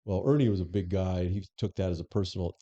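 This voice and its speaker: A man with a low, mellow voice and fairly even intonation talks fast as a guest in a conversational interview. Once a police superintendent and police chief, he shares candid anecdotes about his experiences, frequently restarting his thoughts. The audio is a dull lo-fi podcast recording.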